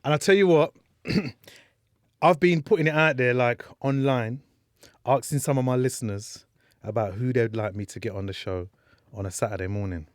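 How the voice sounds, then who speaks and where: A male radio host in a studio, interviewing a band in a jokey, animated way and repeating phrases for emphasis. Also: mid-range voice, normal speed, no echo. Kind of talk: lively radio interview banter.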